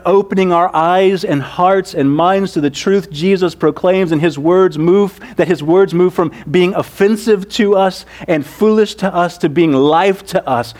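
A man preaching a sermon, earnest, moving between fervent prayerful passages and hushed, soft teaching. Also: sits high. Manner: earnest, swings from loud fervor to hushed softness. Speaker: pastor.

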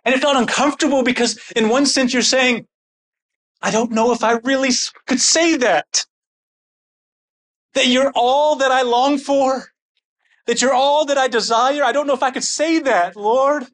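A man preaching a sermon with fervent, excited intensity that sounds almost angry. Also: extremely high pitch, moderate pace. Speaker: pastor.

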